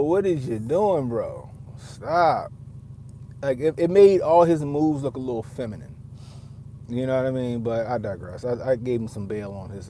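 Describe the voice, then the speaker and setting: A man's voice: fairly low pitch, dark tone, a little hiss or hum. A man giving a casual, profane commentary, rambling and often repeating himself as he restarts his thoughts. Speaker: father.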